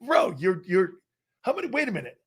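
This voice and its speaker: A man hosting a live football talk show, bantering loudly, laughing and swearing as he riffs. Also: high-pitched, a little fast, breathy edge. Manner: animated, laughing, bantering, profane. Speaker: sports talk show host.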